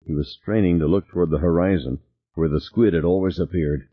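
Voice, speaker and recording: A man narrating an audiobook in scripted narration with a measured, expressive reading. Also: low-pitched, husky. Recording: tinny lo-fi recording.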